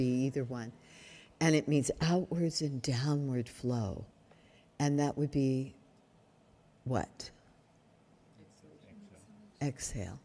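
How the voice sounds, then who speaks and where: Older woman, low calm yoga teacher. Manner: calm, explanatory, asks the audience questions. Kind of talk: workshop lecture. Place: retreat workshop room.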